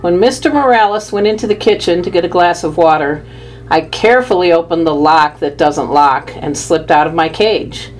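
A woman narrating a children's storybook in the first person, with a measured, lively telling. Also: on the low side, slight background noise, rough recording. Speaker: audiobook narrator.

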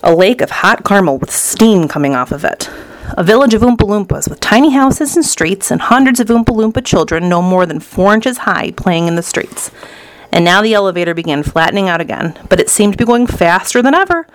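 A woman reading a children's storybook aloud in a lively, expressive way. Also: mid-range voice, brisk, no echo. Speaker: narrator.

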